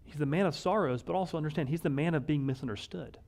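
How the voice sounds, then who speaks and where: Man preaching, fairly high voice, wry, casual, acts out quotes. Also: fast talker, gravelly, a little mellow. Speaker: pastor. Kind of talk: sermon.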